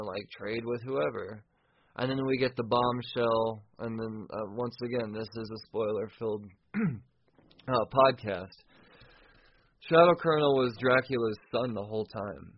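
A man hosting a podcast, recapping a comic book casually, excitable and profane, often restarting sentences. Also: mid-range voice, highs cut off. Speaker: podcast host.

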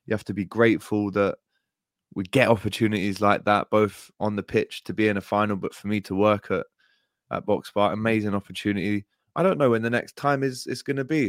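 Low-voiced enthusiastic man chatting. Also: fairly even intonation, fairly quick, dry recording, clean studio sound. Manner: enthusiastic, heartfelt, peppers speech with "mate" and "bro". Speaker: podcast co-host. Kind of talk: casual chat. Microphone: podcast microphone.

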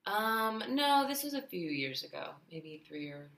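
A woman from Arkansas chats earnestly on a podcast about auditioning, leaning on "like" as she talks. Her voice sits very low for a woman but has a bright, sharp edge. A roomy echo hangs around her. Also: sing-song, unhurried, creaky. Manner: earnest, chatty, lots of "like". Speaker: actress. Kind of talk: casual podcast chat, telling an anecdote.

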